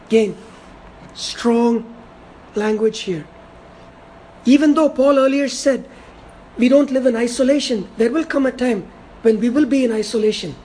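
A woman preaching an expository sermon. She talks emphatically, repeats key words and slows down to stress her points. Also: fairly high pitch, darkish tone, a little hiss or hum, rough recording.

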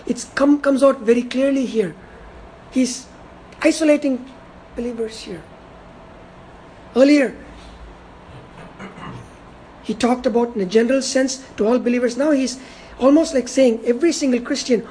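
A woman preaching an expository sermon. She talks emphatically, repeats key words and slows down to stress her points. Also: a little high, mellow, a little hiss or hum, poor audio.

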